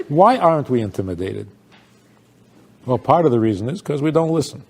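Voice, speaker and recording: A man's voice: medium pitch, sing-song, normal speed, long pauses, noisy background. An older man, a rabbi, giving an informal talk to an audience, telling stories, asking rhetorical questions and laughing often.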